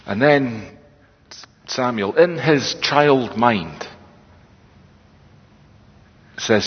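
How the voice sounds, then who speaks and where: A man delivers a sermon in a thoughtful, conversational manner and lowers his voice for quoted words. His tone is slightly husky, and the sound carries a long reverb of a large hall. The recording itself is dull and lo-fi. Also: lively intonation, drawn-out words. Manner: reflective, conversational preaching with quoted lines. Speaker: preacher.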